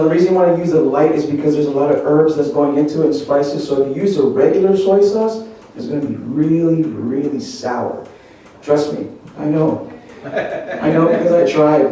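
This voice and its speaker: A fairly high, mellow man's voice, talking an audience through a recipe with jokes and quick questions. He sounds set back from the mic in a large hall with heavy echo. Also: slight background noise. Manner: chatty and joking, quizzing the audience. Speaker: cooking demonstrator. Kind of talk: live cooking demonstration. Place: large echoey church hall. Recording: very echoey hall, mic at a distance.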